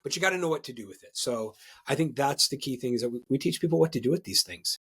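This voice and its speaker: A man talking as a guest coach in a podcast interview, energetic and emphatic, often tagging his points with "right?" and restarting words as he gets going. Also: mid-range voice, fast talker, slightly rough. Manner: repeats and restarts words when excited.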